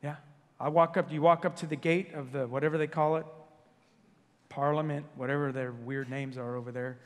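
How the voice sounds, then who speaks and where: Joking pastor with a high-ish voice. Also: male voice, brisk, in a large hall. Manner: jokey, animated storytelling with self-corrections. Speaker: senior pastor. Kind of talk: sermon. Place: church sanctuary.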